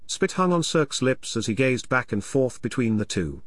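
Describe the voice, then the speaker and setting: A man reading a novel aloud as narrator, with expressive, dramatic delivery. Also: medium pitch, moderate pace, no room sound. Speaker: audiobook narrator. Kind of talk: scripted narration.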